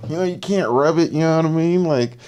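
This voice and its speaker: A man hosting a reaction livestream, commenting with animated energy, laughing often and repeating punchlines. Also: on the high side, vocal fry. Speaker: livestream host.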